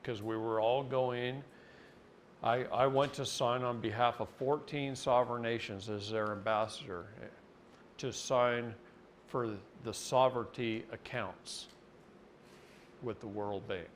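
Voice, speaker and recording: A seminar speaker from Oregon, United States, lectures in a blunt, folksy way, telling a story before explaining a point and acting out quotes with jumps in pitch. His tone is steady and his pace measured, with a little hiss or hum in the recording.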